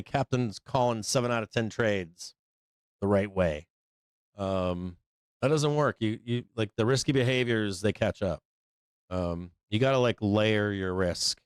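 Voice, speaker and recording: A man with a low, smooth voice hosts a live trading stream in a loose, rambling way. He swears freely, and he fills his talk with ums and "you know what I mean." The sound is dry and close, with no room echo. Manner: rambling, profane, filler-heavy, quotes people in mocking voices. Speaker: livestream trading host. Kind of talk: casual live-stream commentary.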